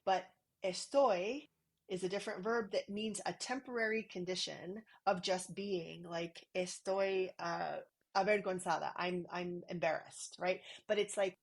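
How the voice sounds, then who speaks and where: Woman, soft guiding podcast voice, slightly low, unhurried and calm. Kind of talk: podcast conversation on parenting.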